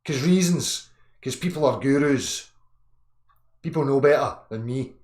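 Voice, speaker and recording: A man in his thirties ranting angrily on a live chat, profane, swinging from low muttering to shouting. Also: measured pace, reverberant. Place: indoor room.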